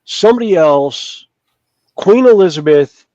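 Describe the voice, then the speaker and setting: High-pitched, animated and warm, this man's voice moves at a measured pace in a dull, dry recording with no echo. He is in his 50s, from the Southern United States, and appears regularly on a hobby chat show, where he chats casually, rambles, mocks himself and drifts off into fillers.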